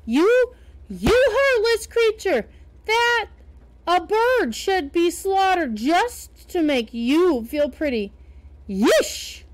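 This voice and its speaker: A woman's voice: sits high, lively intonation, takes it slowly, a little mellow. A woman voicing a fiery bird lover. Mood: outraged. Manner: outraged, scolding. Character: indignant bird-loving woman. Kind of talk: storybook read-aloud.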